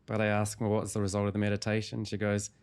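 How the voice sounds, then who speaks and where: Low-voiced man calmly telling a story. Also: clean tone. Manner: calm, measured retelling of client sessions. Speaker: hypnotherapist guest. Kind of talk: interview storytelling.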